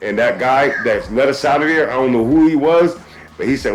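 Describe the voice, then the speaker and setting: Animated man telling stories, stammering. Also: mid-range voice, brisk, faint music behind. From US East Coast. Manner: animated storyteller, stammers and restarts. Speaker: podcast host. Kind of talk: casual chat.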